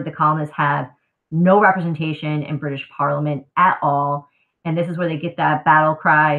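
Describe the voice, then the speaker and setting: Woman teacher, low register, slightly scratchy throat, casual live review; tinny phone-like audio. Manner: casual, conversational explaining. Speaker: history teacher. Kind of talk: live exam review lesson.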